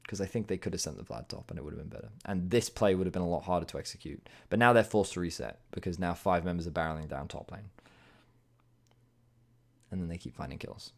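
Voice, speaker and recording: Casual esports analyst man, lowish voice. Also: creaky. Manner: explanatory, casual, breaks into quick impressions. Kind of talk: video game match review commentary.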